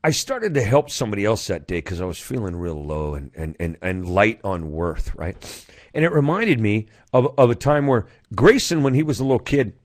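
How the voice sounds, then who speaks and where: Low-voiced man telling a story. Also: very animated. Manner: rapid-fire, repetitive stammering restarts. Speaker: recovery speaker. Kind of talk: conference keynote storytelling. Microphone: video call.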